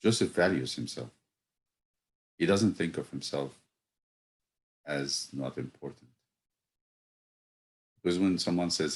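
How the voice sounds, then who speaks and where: Deep-voiced male priest, reflective teacher, halting delivery that rises into emphatic questions. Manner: thoughtful, pausing with fillers, building to emphatic rhetorical questions. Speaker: priest teaching Bible study. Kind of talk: reflective Bible study lesson.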